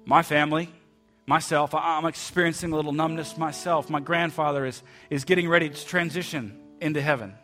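A man preaching a heartfelt sermon in a church, often repeating words and dropping to a soft voice for quoted lines. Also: fairly high pitch, fairly even intonation, a little fast, faint music behind. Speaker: pastor. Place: church sanctuary.

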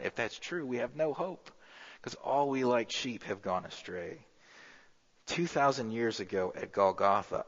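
A man preaching a sermon as pastor, rising to emphatic peaks and dropping to a hushed low voice. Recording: muffled with long hall reverb.

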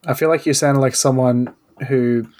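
A man's voice: medium pitch, fairly even intonation, normal speed, a little mellow. A man who is a podcast regular in casual chat, making dry, blunt remarks.

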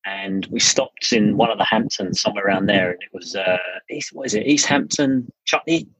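A man's voice: on the low side, normal speed, fairly bright tone, slightly rough, no room sound. A middle-aged English man, a studio founder, chatting casually as a podcast guest and telling stories with frequent restarts. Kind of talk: casual interview storytelling. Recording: dull lo-fi podcast audio.

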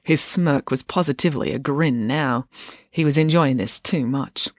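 A woman author narrating a chapter of her own book in a wry, steady storytelling manner. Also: rumbling low, normal speed, dry recording, studio quality. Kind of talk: audiobook narration.

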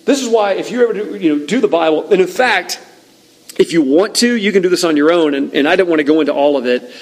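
Man preaching, somewhat high voice. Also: fast, poor audio. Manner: conversational, emphatic preaching with asides. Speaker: pastor. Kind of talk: sermon.

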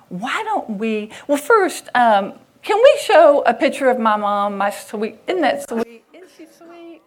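A middle-aged woman, telling a family story to a church audience, animated and often laughing as she acts out what people said. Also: a little high.

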